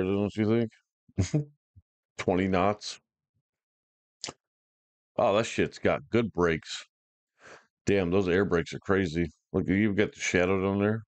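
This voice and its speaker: A man with a very low, deep voice gives relaxed, joking commentary as he tries out software. His talk is casual and full of slang. The sound is dry and close, with no room echo. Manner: laid-back, joking, slangy. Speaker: YouTuber trying out software.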